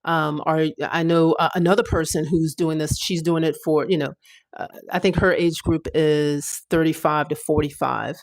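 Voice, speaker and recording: Chatty woman hosting a livestream. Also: deep voice. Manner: chatty and animated, quick asides. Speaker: livestream host. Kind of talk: casual live chat.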